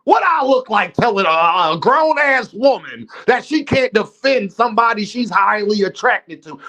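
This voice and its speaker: A man with a high voice hosts a live stream in unscripted rant mode. He talks bluntly and profanely, addressing his chat directly and heatedly. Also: expressive, normal speed, hardly any pauses, pushed and bright. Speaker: livestream host.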